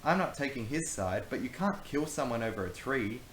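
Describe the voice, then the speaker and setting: A man's voice: animated, brisk, fairly bright tone, natural voice. A man playing a dramatic young girl castaway. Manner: high, over-dramatic. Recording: echoey room with faint hiss.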